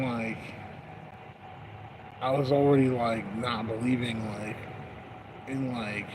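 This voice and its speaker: Man, casual monologue outdoors: meandering, profane, slangy, mid-pitched, over clear street and traffic noise. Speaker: vlogger. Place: outdoors at night on a smoke break.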